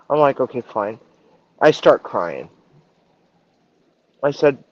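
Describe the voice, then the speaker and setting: Animated woman chef telling a story. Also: very deep voice, slow, long pauses, lo-fi sound. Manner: animated, acts out dialogue, swears freely. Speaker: chef and culinary director. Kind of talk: casual storytelling on a live stream.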